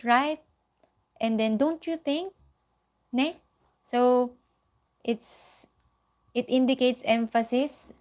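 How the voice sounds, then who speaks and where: A woman with a Filipino accent teaching a live online Japanese lesson. She explains slowly and repeats the example phrases, now and then slipping into Tagalog. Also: a little high, darkish tone.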